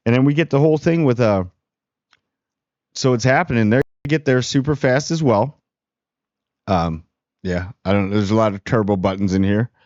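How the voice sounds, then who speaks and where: A man's voice: medium pitch, normal speed, long pauses, no echo. Slangy man giving a casual TV review. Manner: slangy and animated, acts out character quotes. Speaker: TV review host. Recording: dull lo-fi dry sound.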